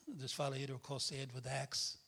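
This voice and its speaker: Middle-aged man, guest preacher, frank testimony style, bright voice. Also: mid-range voice, little pitch movement, fast talker, gravelly, husky. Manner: candid storytelling with self-deprecating laughs. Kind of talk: personal testimony sermon.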